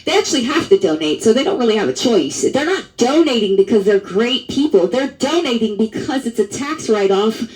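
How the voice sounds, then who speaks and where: A woman's voice: on the high side, big pitch swings, a little fast, few pauses, darkish tone, rough recording. Woman vlogger, rambling monologue, lots of restarts, blunt and profane. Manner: rambling, with many restarts and fillers. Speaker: advocacy vlogger. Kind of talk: casual monologue to camera.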